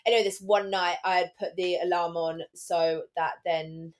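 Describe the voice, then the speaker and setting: A woman's voice: fairly low pitch, normal speed. Chatty young woman telling a story. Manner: animated storyteller, acts out quotes, lots of "like". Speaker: podcast co-host. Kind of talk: casual chat, storytelling.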